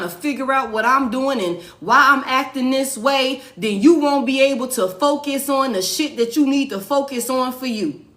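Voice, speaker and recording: A woman's voice: sits high, moderate pace, hardly any pauses, a bit bright. Blunt, foul-mouthed woman tarot reader. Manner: blunt, profane, repeats lines for emphasis. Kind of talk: casual tarot reading monologue.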